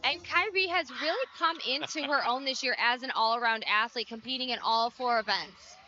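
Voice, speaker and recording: A woman's voice: fairly high pitch, normal speed, sharp tone. A woman giving color commentary on a gymnastics meet, enthusiastic and chatty, with a muffled broadcast sound. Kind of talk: sports commentary.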